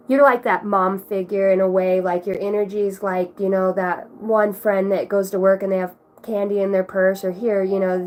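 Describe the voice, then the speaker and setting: A woman reading tarot cards on a live stream, talking in a warm, rambling, affectionate way and shifting between guidance and chat with viewers. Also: mid-range voice, a little hiss or hum, poor audio. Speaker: tarot card reader.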